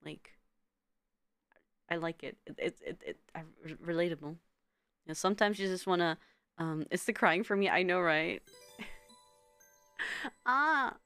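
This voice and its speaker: A woman's voice: on the low side, a little slow, long pauses, a bit bright, clear, resonant tone, no room sound, soft background music. A woman streamer chatting casually with her viewers, giggling often and stumbling over repeated words.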